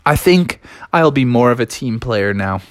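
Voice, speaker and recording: A man's voice: medium pitch, lively intonation, normal speed, dry recording, pitched below the performer's own voice, natural voice. A man doing a hot-headed frog tough guy. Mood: earnest. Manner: gruff tough-guy talk that softens into apology. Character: hot-tempered male frog, quick to anger.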